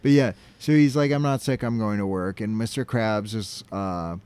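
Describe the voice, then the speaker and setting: A young man co-hosting a podcast, casually recapping a cartoon, swearing and acting out lines in quick voices. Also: fairly low pitch, a little mellow, clear, resonant tone. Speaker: podcast co-host.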